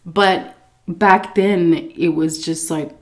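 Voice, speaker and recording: A woman's voice: lowish voice, steady tone, takes it slowly. A woman food vlogger telling a story in a chatty, casual way while she eats, often breaking into laughs.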